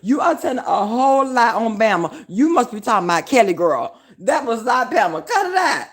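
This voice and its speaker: A woman's voice: a little high, expressive, brisk, breathy edge. Brash woman ranting on a live stream. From Alabama, US. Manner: brash, profane, trash-talking. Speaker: vlogger hosting a live stream. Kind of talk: casual live-stream chat. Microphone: phone.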